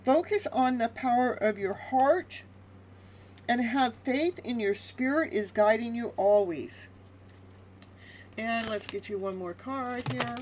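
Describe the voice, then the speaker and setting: A woman hosting a live tarot reading, chatty and animated, laughing often as she talks to her viewers. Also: on the high side, takes it slowly, a little hiss or hum, poor audio. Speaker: tarot reader.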